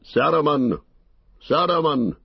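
A man's voice: fairly low pitch, moderate pace, husky, dry recording, highs cut off. A man voicing a stern, commanding old wizard in an audiobook reading. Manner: loud commanding calls.

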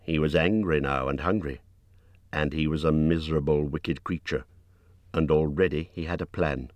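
A man reading a storybook aloud in a measured narrating voice, lifting his pitch for the hero's lines. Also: fairly even intonation, no echo. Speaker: audiobook narrator.

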